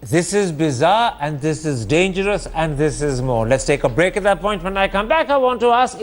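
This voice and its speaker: A man moderates a televised political debate. He presses his guests with pointed, emphatic questions and cuts in to keep them on track. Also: high-pitched. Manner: probing and emphatic, cuts in to steer the discussion.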